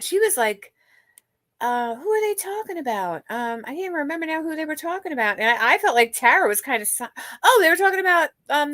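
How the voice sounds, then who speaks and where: A woman's voice: sits high, no room sound. Gossipy New woman streaming. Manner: gossipy, animated, swears freely, frequent laughs and restarts. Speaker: livestream host. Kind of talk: casual chat with live viewers.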